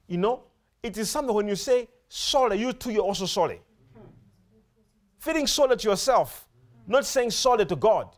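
A male preacher delivering a sermon, emphatic and repetitive, often stopping to ask his congregation questions. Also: sits high. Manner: emphatic, repeats words and phrases, animated rise and fall.

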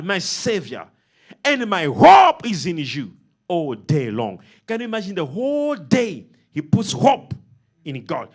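Preacher, male, high and lively voice, leads call-and-response, emphatic swings from loud to soft. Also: measured pace.

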